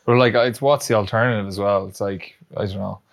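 A man's voice: on the low side, steady tone, fairly quick, creaky. A man, a guest athlete answering hesitantly with lots of fillers. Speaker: guest rugby player. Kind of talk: interview answers.

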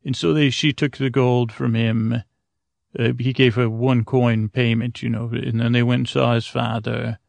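A man's voice: mid-range voice, level tone, moderate pace, creaky, a little mellow, dry recording. A man improvising a bedtime story, rambling with many fillers and self-corrections.

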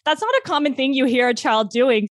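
A woman's voice: sits high, animated, brisk, no room sound, clean studio sound. A woman hosting a podcast, asking questions in an upbeat, enthusiastic way. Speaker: podcast host. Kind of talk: podcast interview.

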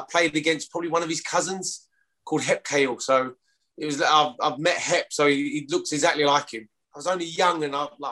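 London bloke rambling on, keeps restarting, swears a bit, kinda high voice. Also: male voice, a bit bright. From London, England. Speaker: guest, rugby player. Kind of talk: casual chat.

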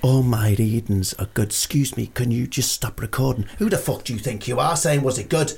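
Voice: mid-range voice, a little fast, vocal fry, a little mellow, breathy edge. A performer playing a foul-mouthed, volatile male psychic medium who swears constantly and snaps into sudden rages, a guest in an improvised comedy podcast. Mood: breezy.

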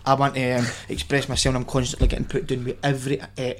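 A man's voice: medium pitch, completely flat delivery, fast, a little hiss or hum. A Scottish man co-hosting a casual chat, rambling and jokey, often stumbling over his words. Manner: rambling, stammering restarts, jokey. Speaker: podcast co-host.

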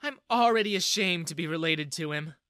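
Man voicing a sassy, dismissive young daughter, high-pitched. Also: brisk, bright, forceful tone, no room sound, clean studio sound.

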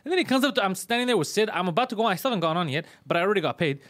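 A man casually telling a story on a podcast, fast, profane and animated. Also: high-pitched, dry recording. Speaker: podcast host, comedian.

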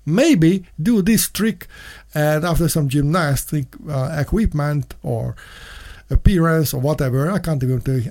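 A man with a somewhat high, very lively voice delivers a casual commentary monologue. He is sarcastic and mocks in put-on voices, now and then breaking into sudden shouts. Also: unhurried. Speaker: podcast host.

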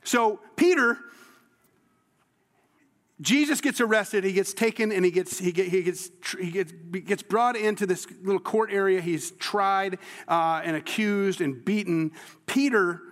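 A man's voice: high-pitched, unhurried, a bit bright, big-room sound. A man preaching a sermon as a pastor, talking in a conversational, earnest way with frequent restarts and sudden emphatic bursts.

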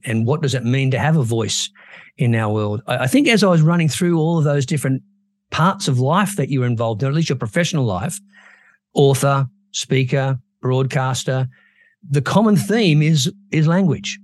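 Earnest host guy, hesitant, lots of uh and restarts, average pitch. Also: a little mellow. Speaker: podcast host. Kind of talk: interview hosting.

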